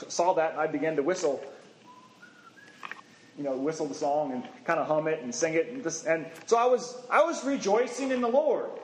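A man preaching a sermon in a conversational, halting way, rising in pitch when he stresses a point. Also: echoey room, slight background noise, poor audio.

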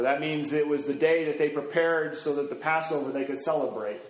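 A man's voice: on the high side, a little fast, few pauses. A man preaching a verse-by-verse sermon in a conversational way, acting out quotes. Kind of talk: expository sermon. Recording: echoey room.

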